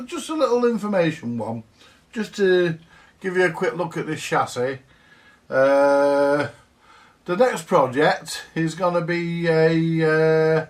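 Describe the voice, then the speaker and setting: A man talks to camera in a loose, rambling way, full of ums and the odd curse. He speaks slowly, and the mic sits well away from him. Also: fairly high pitch, distant mic. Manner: rambling, chatty, lots of fillers and swearing. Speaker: vintage audio repair vlogger. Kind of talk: casual workshop talk to camera.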